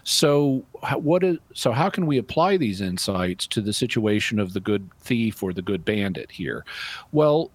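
A man's voice: on the low side, big pitch swings, moderate pace, slightly rough, no room sound. A man answering a caller's question on a call-in radio show, reasoning through a point step by step. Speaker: radio show guest apologist.

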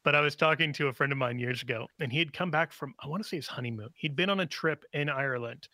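A man who is a regular guest on a radio talk show, telling stories in an animated way and laughing often. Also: mid-range voice, fast talker, dry recording.

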